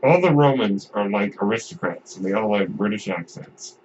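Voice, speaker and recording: A man's voice: on the low side, expressive, moderate pace. A man hosting a podcast, talking casually about films in a rambling way, often restarting his sentences. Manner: rambling, with frequent restarts and asides. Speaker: podcast host. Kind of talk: casual film commentary. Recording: dull lo-fi audio with faint noise.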